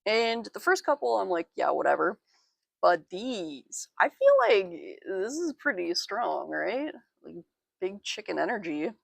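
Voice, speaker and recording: A woman's voice: mid-range voice, very animated, a little slow, creaky, no room sound. A young woman artist giving a casual sketchbook tour, chatty and self-deprecating, with giggly asides. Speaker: artist showing her sketchbook.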